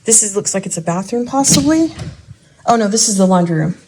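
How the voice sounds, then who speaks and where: A woman's voice: mid-range voice, expressive, fairly quick, dark tone, slight background noise. A woman casually narrating a house walk-through indoors, thinking aloud and hedging her guesses as she goes. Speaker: vlogger giving a house tour.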